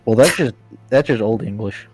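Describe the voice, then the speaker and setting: Dry, teasing player, low and mellow voice, faint music behind. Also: male voice, expressive, normal speed. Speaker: tabletop game player.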